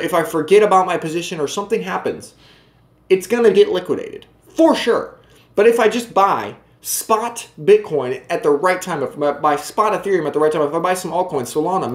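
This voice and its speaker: Male channel host, ranting and emphatic, very animated pitch, echoey room. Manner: emphatic, repetitive, talks to viewers directly. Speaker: crypto video host. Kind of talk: ranting video commentary.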